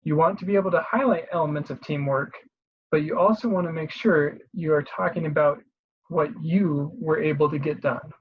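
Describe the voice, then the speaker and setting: A husky, slightly breathy voice talks through a lesson in a steady, clear way, with a few small restarts. The recording is dull and lo-fi, as if made on a modest mic. It sounds like a presenter giving a plain voice-over explainer. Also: medium pitch, normal speed. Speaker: career advice presenter. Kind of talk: instructional voice-over.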